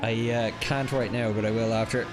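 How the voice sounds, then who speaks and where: A man's voice: mid-range voice, fairly even intonation, moderate pace. A man chatting casually on a livestream while racing, answering viewers and often apologizing mid-sentence. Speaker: sim racing streamer.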